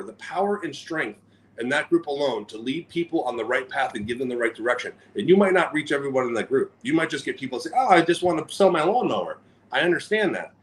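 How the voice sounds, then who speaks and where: A man co-hosting a business podcast in animated, rambling casual chat, often stopping and restarting his sentences. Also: mid-range voice, a little hiss or hum, poor audio. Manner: animated, rambling, self-interrupting. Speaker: podcast co-host.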